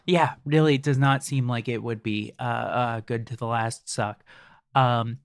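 A man's voice: mid-range voice, fairly even intonation, a little slow, gravelly, no echo, clean studio sound. A man hosting a podcast, rambling through improvised comedy bits with lots of hesitant fillers. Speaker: podcast host.

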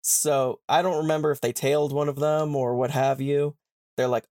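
On his podcast, a man irreverently retells a book's events, cursing and paraphrasing characters in snappy slang. His voice sits on the high side, steady and a little mellow, in a dry studio-quality recording.

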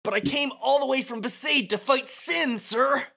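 A keen young cadet begs his commanding officer for a chance, as a man puts him on with his voice pushed high and bright. The read is casual but strained, climbing at the end of each plea. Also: normal speed, gravelly, full character voice. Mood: pleading. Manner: high-pitched pleading, voice cracking upward. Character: eager young male soldier pleading. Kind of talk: casual read-aloud of a game script.

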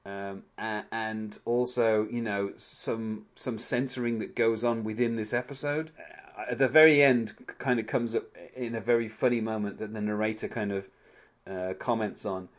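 A man's voice: on the low side, steady tone, normal speed. A man co-hosting a podcast, chatting casually through an episode recap, rambling with lots of fillers and restarts. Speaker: podcast co-host.

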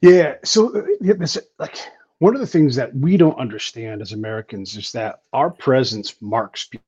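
A man with a husky voice, a former Army intelligence specialist telling animated stories as a podcast guest, with many restarts. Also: mid-range voice, moderate pace, no echo, muffled recording. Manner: animated anecdotes full of restarts and fillers. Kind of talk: casual podcast storytelling.

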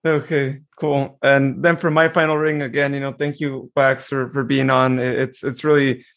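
A man hosting a casual podcast, talking in a relaxed, hesitant way with many fillers. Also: medium pitch, moderate pace, gravelly. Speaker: podcast host.

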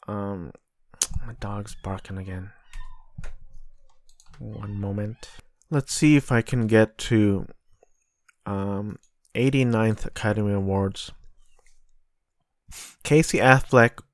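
A man's voice: on the low side, dry recording, clean studio sound. An American man rambling through casual solo commentary, a bit profane, looking things up aloud as he goes. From United States. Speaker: podcast host.

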